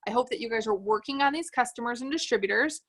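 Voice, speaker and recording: A woman's voice: a little high, quick pace, fairly bright tone. A woman leading a sales team on a livestream, giving an upbeat motivational talk and reading comments from the chat aloud. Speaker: direct-sales team leader.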